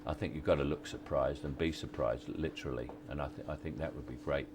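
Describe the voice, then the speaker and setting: A man, giving relaxed, halting interview answers on location at a film set, with many restarts and wry chuckles. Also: extremely low pitch, noisy background. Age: 60s. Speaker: actor interviewee.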